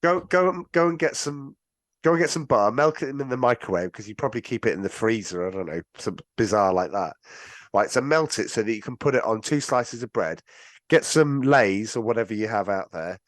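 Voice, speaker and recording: A man's voice: on the low side, lively intonation, fairly quick, no echo. British man in joking podcast banter. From Britain. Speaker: podcast host. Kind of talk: casual podcast chat.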